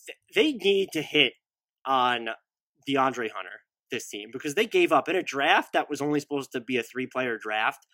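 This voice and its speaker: Brief: male podcast co-host, bright forward tone, dry close sound, runs through lists quickly with asides. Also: medium pitch, animated, no room sound. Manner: rapid-fire roster lists, offhand asides. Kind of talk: casual sports podcast analysis.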